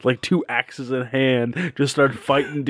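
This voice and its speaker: A man's voice: mid-range voice, steady tone, takes it slowly, a bit bright, no room sound, clean studio sound. A man chatting casually on a podcast, riffing on absurd images and laughing. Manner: giggly, imaginative riffing. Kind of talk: casual chat.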